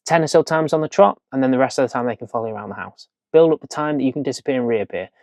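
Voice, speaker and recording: A man talks owners through dog training in a chatty, direct coaching manner. His voice sits at a middle pitch and the recording is dry and close, with no room sound. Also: racing, a little mellow, dry recording. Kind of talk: instructional video lesson.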